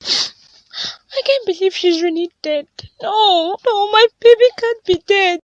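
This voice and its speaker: A woman's voice: very high-pitched, slow pace, dry recording, lo-fi sound. A woman voicing Susan, a grieving mother, in a cartoon, speaking tearfully. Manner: tearful, distraught.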